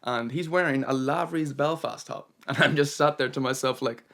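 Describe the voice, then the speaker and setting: A man's voice: medium pitch, brisk, gravelly, a bit bright. A young man narrating his travel vlog in a chatty, rambling way, full of "kinda" and "you know". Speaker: travel vlogger.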